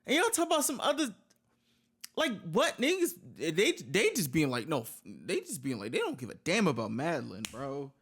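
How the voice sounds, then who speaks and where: A man, reacting to a video in casual, exasperated bursts. His pitch leaps around wildly, from low mutters to sudden high, disbelieving yelps. He swears freely and sounds openly incredulous. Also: huge pitch swings, moderate pace, fairly bright tone, slightly rough. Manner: exasperated, profane, incredulous outbursts.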